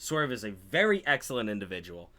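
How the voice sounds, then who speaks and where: A man's voice: on the low side, big pitch swings, brisk, pushed and bright. A man giving casual, profane and sarcastic commentary on a wrestling show, sounding exasperated.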